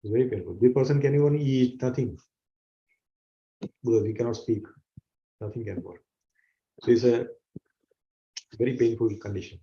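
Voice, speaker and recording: Earnest man teaching scripture, mellow voice. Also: mid-range voice, moderate pace, long pauses. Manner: earnest, repeats key phrases, acts out gasps. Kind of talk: explanatory sermon to an online audience. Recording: roomy, dull-sounding recording.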